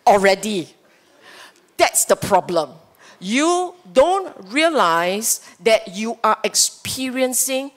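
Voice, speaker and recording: A woman with a Singaporean English accent teaches a Buddhist Dhamma talk in a playful, teasing way. Her voice rises and falls with lots of expression, and she takes her time between phrases. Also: mid-range voice. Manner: playful, teasing, asks the audience for agreement. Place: temple hall.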